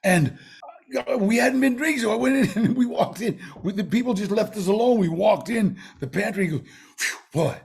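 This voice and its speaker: A man, a guest on an interview show, telling stories in a rambling, animated way with streetwise slang. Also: high voice, a little fast, vocal fry, few pauses, husky. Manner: rambling, animated storyteller with many restarts. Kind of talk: casual storytelling in an interview.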